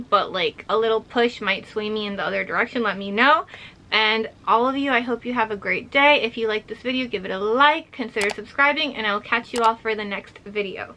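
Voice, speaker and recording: A young woman chatting excitedly through an unboxing vlog, a little out of breath and full of "like". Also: a little high, low-quality recording. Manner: excited, chatty, heavy use of "like". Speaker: vlogger.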